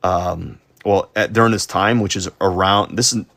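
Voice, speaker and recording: The voice belongs to an adult man, low and gravelly yet fairly bright, with fairly even intonation and a moderate pace, recorded dry. He chats loosely while drawing on a livestream, rambling, stuttering and belittling himself.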